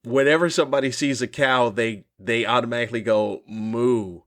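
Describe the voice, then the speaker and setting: A man's voice: medium pitch, a little fast, a bit bright. A man, a comedian hosting his own podcast, delivering a cranky, profane rant with exasperated, mocking questions. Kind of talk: ranting comedy monologue.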